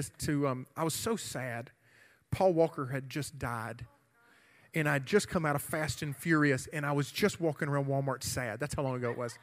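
Animated high-voiced youth pastor. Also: male voice. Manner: animated, shouting during the retold confrontation. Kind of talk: sermon with storytelling. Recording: hall reverb.

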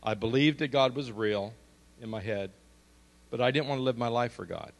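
A man's voice: medium pitch, moderate pace, vocal fry. A man giving a church testimony to an audience, telling his story earnestly and rising to emphatic bursts. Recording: long hall reverb.

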